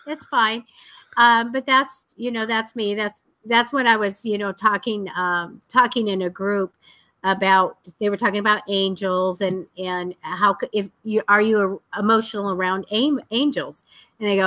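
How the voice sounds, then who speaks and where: A woman co-hosting a live psychic show. She chats casually, laughs often and talks in a blunt, lively way. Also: medium pitch, normal speed, dry recording. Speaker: psychic co-host. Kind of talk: casual live-stream chat.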